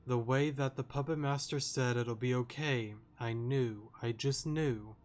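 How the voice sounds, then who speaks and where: A man's voice: medium pitch, fairly even intonation, measured pace, a little mellow, natural voice. A man reading aloud the lines of a shaken young man in a game, earnest in tone. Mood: emotional.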